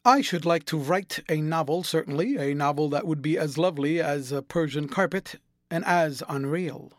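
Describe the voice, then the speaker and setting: A man's voice: on the high side, moderate pace, no room sound, clean studio sound, natural voice. A man voicing a languid young aristocrat who speaks in witty, lightly mocking epigrams.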